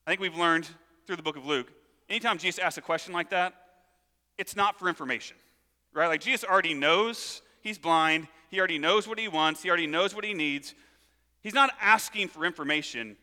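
Male pastor, animated sermon storyteller, bright tone, reverberant church hall. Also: fairly high pitch, moderate pace, pauses often. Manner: animated storytelling, acts out voices.

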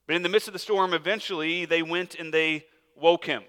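A man's voice: fairly high pitch, steady tone, brisk, fairly bright tone, smooth, in a large hall. A man preaching a sermon as a pastor, in a casual, conversational way with many fillers.

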